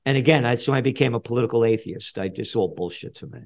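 Older New York guest, seventies, combative profane storyteller, ordinary middle register. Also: male voice, fast, vocal fry. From the Bronx, New York. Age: 70s. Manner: blunt, fiery, profane, swings from low mutter to loud. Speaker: guest, trend forecaster. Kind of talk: podcast interview, storytelling.

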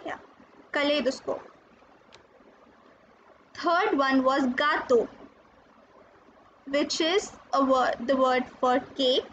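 A high-pitched woman gives a recorded French lesson at an unhurried pace. She is patient, spelling out letters and repeating each word. The sound is dull and lo-fi, with a faint hiss behind her. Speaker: French teacher.

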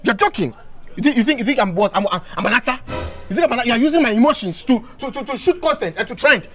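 A man acting in a comedy skit, excitable and shouting in repeated outbursts. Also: extremely high pitch, quick pace, faint music behind.

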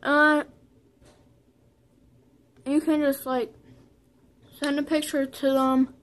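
Young woman, high voice, slow pace, playful mock beauty tutorial, rambling vlog chat. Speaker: vlogger.

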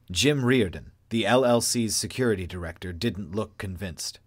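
A man narrating web fiction in a steady, measured reading style. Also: lowish voice.

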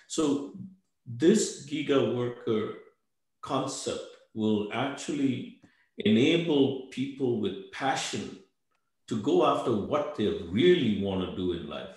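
Older man in a very echoey room. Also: medium pitch. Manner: hesitant, repeats words, ends points with "right?". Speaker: panelist. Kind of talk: webinar panel discussion.

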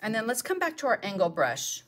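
A woman's voice: fairly high pitch, huge pitch swings, fairly quick, a bit bright. A middle-aged woman teaching a live painting tutorial, chatty and talking to herself as she works. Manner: chatty, talks to herself while working. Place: home art studio.

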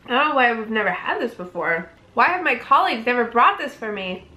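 A woman's voice: fairly high pitch, very animated, brisk, bright, forceful tone. A woman co-hosting a food-tasting vlog, chatting in a playful, giggly way. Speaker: vlog co-host. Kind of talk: casual food-tasting chat.

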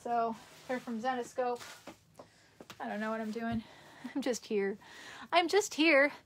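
A woman's voice: on the high side, little pitch movement, unhurried, darkish tone, slight background noise. A young woman with a New York accent, rambling chattily while she chats on a livestream and reads out comments. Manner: rambling and chatty, with many fillers and laughs. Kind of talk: casual livestream chat reading comments.

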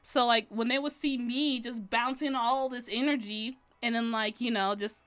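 A woman's voice: on the high side, steady tone, normal speed, fairly bright tone. A woman livestreaming while she draws, chatting casually and rambling, laughing often. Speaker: livestreaming artist. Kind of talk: casual chat while drawing.

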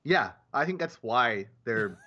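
A man of middle pitch chatting loosely on a podcast, circling back and restarting his sentences as he goes. The sound is dull and lo-fi, with the top end rolled off. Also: expressive, slow pace, sharp tone. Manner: rambling, with many restarts and repeated words. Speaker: podcast co-host. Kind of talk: casual podcast chat.

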